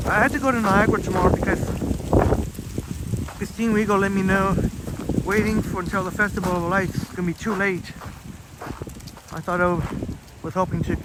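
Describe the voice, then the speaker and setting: High-voiced Canadian man streaming outdoors. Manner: chatty, reads out viewer comments, many fillers. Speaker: live streamer. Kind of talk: casual live-stream walking tour. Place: outdoor nature trails in a park. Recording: outdoor noise behind voice.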